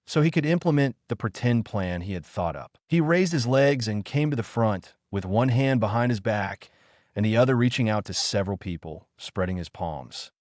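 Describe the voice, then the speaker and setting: Male audiobook narrator; low pitch, expressive swings, dry close sound. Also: moderate pace, dry recording. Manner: reads all characters in one voice with few changes. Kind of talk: scripted narration.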